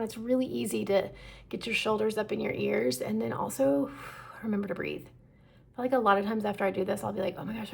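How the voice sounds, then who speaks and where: A middle-aged woman, an esthetician, calmly walking viewers through a skincare demonstration and checking in often. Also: medium pitch, gravelly, breathy edge. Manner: calm instructive, checks in with "okay?".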